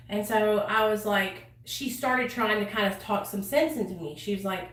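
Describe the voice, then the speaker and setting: A woman's voice: a little high, moderate pace, few pauses, fairly bright tone. A woman telling her own story to camera in a casual, blunt way, swearing freely and using many fillers. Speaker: channel host sharing her recovery story. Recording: echoey room, voice a bit far from mic.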